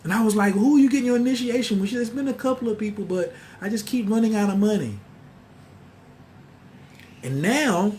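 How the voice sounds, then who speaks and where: A man, telling a story in a casual, animated way and acting out the quoted voices. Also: high-pitched, slight background noise. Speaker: spiritual teacher.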